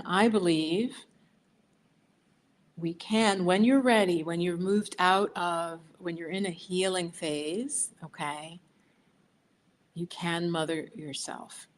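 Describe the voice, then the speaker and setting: A woman teaching on a live stream, gently guiding listeners through slow affirmations and breathing. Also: lowish voice, slight background noise. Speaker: yoga and healing teacher hosting a live stream. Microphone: laptop for live video below her.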